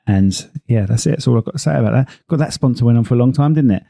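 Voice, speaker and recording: A man's voice: mid-range voice, racing, creaky, dark tone, no room sound, clean studio sound. Rambling chatty man. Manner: chatty, rambling, self-mocking. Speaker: podcast co-host. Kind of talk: casual chat.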